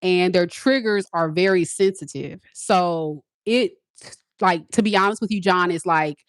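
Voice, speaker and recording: A woman in her forties, a tarot reader, answering viewers in a candid, sassy, animated live-stream chat. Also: on the low side, no room sound, studio quality. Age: 40s. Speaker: tarot reader and spiritual advisor.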